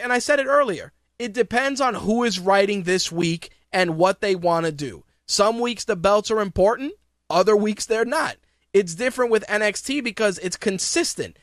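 A man's voice: sits high, a bit bright, dry recording, clean studio sound. A man hosting a podcast, ranting profanely and sarcastically in opinionated wrestling talk. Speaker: podcast host.

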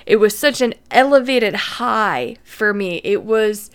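A woman podcast host telling a personal story in a casual monologue, chatty and animated, often repeating words and acting out her own panicked thoughts. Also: medium pitch, takes it slowly, smooth. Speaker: podcast host and money coach.

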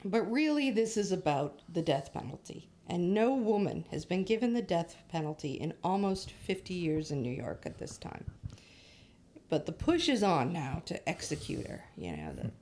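A woman's voice: lowish voice, sing-song, moderate pace, a little mellow, a little hiss or hum. A woman hosting a casual true-crime podcast, telling the story to her co-hosts and laughing often. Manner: laughs often, puts on a lofty voice for quotes. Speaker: podcast host. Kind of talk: casual true-crime chat, reading quotes.

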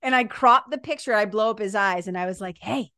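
A woman around fifty, hosting a podcast and telling a story in a casual, animated way. She laughs often and swears freely. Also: medium pitch, fast, clear, resonant tone, no room sound, studio quality. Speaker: podcast host.

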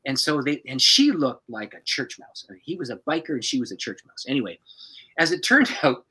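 A man who is a pastor, telling a personal story as a podcast guest in an animated way and chuckling often. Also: medium pitch, fairly quick, slightly rough, low-quality recording.

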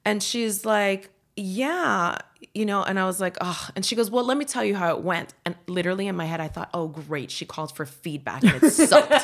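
A woman's voice: medium pitch, normal speed. A woman actress telling stories about auditions and sets in casual conversation, laughing often. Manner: animated storyteller, laughs often. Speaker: actress, guest.

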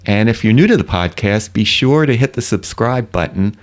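An older man with a New York accent, a retired orthodontist, co-hosting a podcast in a relaxed, joking way. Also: on the low side, normal speed. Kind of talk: casual podcast chat.

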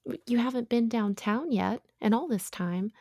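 A woman's voice: on the high side, normal speed, warm tone, no room sound, studio quality. A woman playing a sweet, prying motherly housewife. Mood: coaxing, chatty. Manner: soothing, coaxing, chatty. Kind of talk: audio drama acting.

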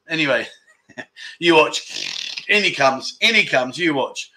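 High, bright-voiced jokey man. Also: slow, pauses often. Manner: jokey and teasing, with animated outbursts. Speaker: livestream chat show host. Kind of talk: casual livestream chat, reading viewer comments aloud.

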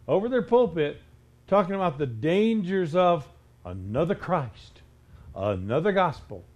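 A male preacher delivers a stern, emphatic sermon in a notably high voice. He keeps pressing his listeners with pointed rhetorical questions. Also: big pitch swings, measured pace, darkish tone, dull audio.

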